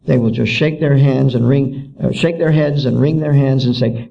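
A man's voice: medium pitch, steady tone, moderate pace, gravelly, few pauses, lo-fi sound. A man giving a public lecture as an author, indignant and full of rhetorical questions.

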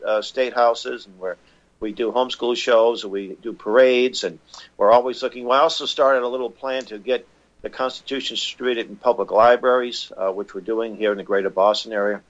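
A man's voice: mid-range voice, highs cut off. A man being interviewed as a guest, speaking in a rambling way with many restarts and fillers. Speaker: guest, constitution educator. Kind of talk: phone-in radio interview.

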